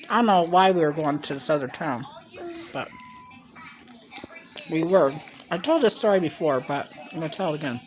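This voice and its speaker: A woman's voice: low-pitched, expressive, normal speed, pauses often, faint music behind. Chatty older woman rambling into her phone. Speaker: mukbang vlogger. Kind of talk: casual storytelling to camera. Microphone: handheld phone.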